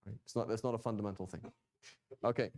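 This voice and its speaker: A man's voice: fairly low pitch, fairly even intonation, fast, a little mellow. A man teaching a class in a casual, talkative way, often checking in with "right?" and "okay?" and adding joking asides. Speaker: Quranic Arabic teacher. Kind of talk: informal class lecture.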